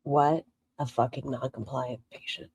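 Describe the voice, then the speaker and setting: A woman's voice: extremely low pitch, steady tone, measured pace, a little mellow, breathy edge, no room sound. A woman giving sardonic, profane live commentary while reacting to a video. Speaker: reaction streamer.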